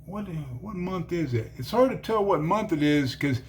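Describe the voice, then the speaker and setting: A man's voice: high-pitched, lively intonation, moderate pace. A middle-aged man rambling through a personal testimony, full of fillers and calling the listener "man". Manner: rambling, filler-heavy, says "man" often. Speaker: testimony speaker.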